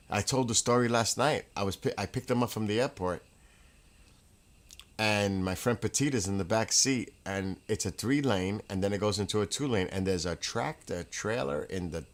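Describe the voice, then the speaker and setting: A man hosting a casual livestream from home, telling rambling, excitable stories and laughing as he goes. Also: fairly low pitch. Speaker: livestream host. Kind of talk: casual chat.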